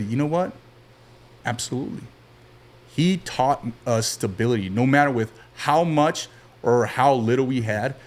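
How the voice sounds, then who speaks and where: A man speaks as a podcast guest, at an ordinary middle pitch, his stories drifting through fillers and restarts. He talks casually, as if to a friend across the table. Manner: relaxed, rambling, frequent fillers and restarts. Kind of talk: casual storytelling interview.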